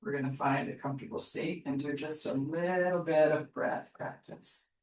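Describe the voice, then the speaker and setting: A woman yoga teacher giving slow, soothing guided instructions in an online class from her studio. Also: deep voice, steady tone. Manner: slow, soothing guidance with soft pauses. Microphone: distant laptop mic on an online class. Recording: roomy, distant sound from far off.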